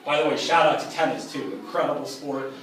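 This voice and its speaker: A man's voice: mid-range voice, brisk, a bit bright. Man teaching from across an echoey room. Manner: upbeat, emphatic, contrasts weak and strong examples. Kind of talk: explanatory lecture. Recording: echoey room from a distance with faint ambience.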